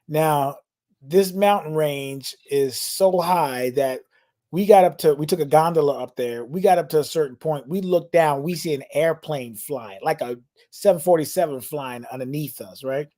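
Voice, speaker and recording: A man co-hosting a casual podcast, telling a story in a lively, laid-back way with plenty of slang. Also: on the high side, moderate pace. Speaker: podcast co-host, musician.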